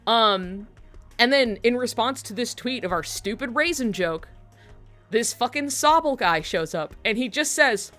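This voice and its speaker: A woman's voice: fairly high pitch, measured pace, soft background music. Rambling, laughing woman streamer. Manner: rambling and animated, with frequent laughter and swearing. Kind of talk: casual storytelling to stream chat.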